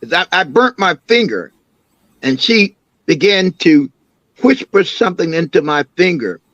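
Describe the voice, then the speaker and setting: An older man, an imam and councilman, recounting family memories as an interview guest with an animated, storytelling manner. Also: high voice, unhurried, no room sound, dull audio. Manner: animated storyteller, acts out quoted voices.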